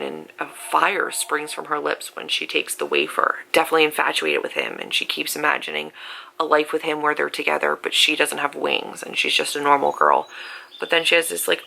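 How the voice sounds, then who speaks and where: A woman's voice: low-pitched, creaky, sharp tone, slight background noise, rough recording. A woman vlogger chatting casually and emphatically about a book she is rereading, sore and resting in bed. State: sore after an accident. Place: in bed at home.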